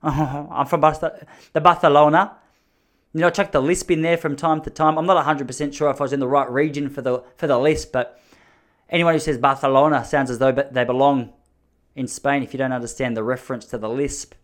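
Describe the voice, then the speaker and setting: A man's voice: mid-range voice, steady tone, fast. An Australian man from Melbourne giving a rambling, self-mocking comedic monologue, blunt and sprinkled with swearing.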